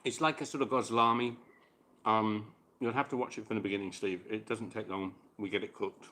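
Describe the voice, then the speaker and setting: A fairly low-voiced man hosting a relaxed cooking live stream. He rambles warmly through viewer questions and talks between bites of food. There is a faint hiss behind him. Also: brisk. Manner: chatty, eating while talking, answers viewer questions. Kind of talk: casual live chat while cooking.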